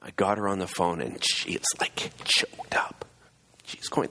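A man with a very low, gravelly voice gives a sermon, acting out the people in his story. His voice carries a long reverb, as if heard across a large church hall. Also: fairly even intonation, normal speed, sharp tone, in a whisper. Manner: storytelling, acts out quoted voices. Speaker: pastor.

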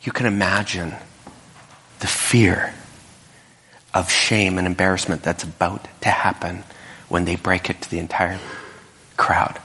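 Male pastor, lowish voice, animated sermon storytelling, long hall reverb. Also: unhurried, long pauses, husky.

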